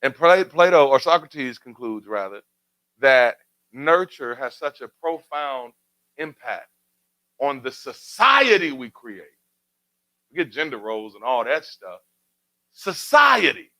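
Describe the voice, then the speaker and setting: A man's voice: mid-range voice, big pitch swings, a little slow, bright, forceful tone, no echo, low-quality recording. A man hosting a community talk show, speaking in a preacherly way with rhetorical questions and building emphatic refrains. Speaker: radio show host. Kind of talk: community talk radio commentary.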